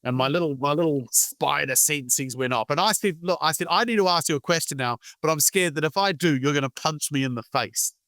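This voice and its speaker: A man's voice: on the high side, brisk, few pauses, fairly bright tone, no echo. A man from the UK, a sales trainer telling blunt anecdotes in a podcast conversation and acting out the dialogue.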